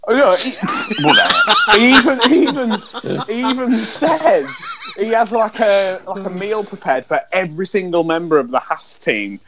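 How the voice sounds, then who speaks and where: A man co-hosting a casual podcast, talking in an animated, sweary way and acting out quotes as he tells stories. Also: high-pitched, normal speed, a crowd in the background. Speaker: podcast co-host. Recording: dull lo-fi audio.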